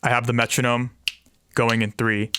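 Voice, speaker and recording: A man's voice: mid-range voice, level tone, moderate pace, background noise. A man casually explaining guitar practice to a fellow player, often scatting rhythms aloud with "da" syllables. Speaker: guitarist co-host. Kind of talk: casual instructional chat.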